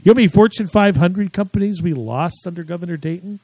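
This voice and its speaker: A man's voice: high voice, quick pace, mellow, no room sound, low-quality recording. A married man co-hosting a casual political talk show, chatty and rambling, often amused. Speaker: co-host.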